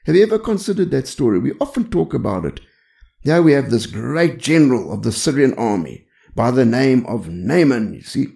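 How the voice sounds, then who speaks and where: A man's voice: mid-range voice, gravelly, mellow. An older man preaching a sermon with humor, telling stories in a conversational way and often adding "you see" as an aside. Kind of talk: storytelling sermon.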